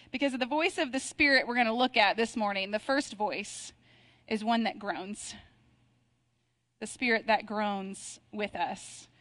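A woman in her thirties preaching a sermon, talking in a reflective, conversational way, reading scripture and slowing down for emphasis. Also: medium pitch, a bit bright. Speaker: pastor.

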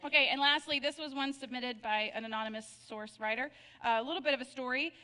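A woman's voice: sits high, fast, sharp tone, clean tone. Playful woman preacher telling jokes in a church sanctuary, echo rings long. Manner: playful, laughs at her own jokes. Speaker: pastor. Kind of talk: sermon with Bible jokes. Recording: long reverb of a large hall.

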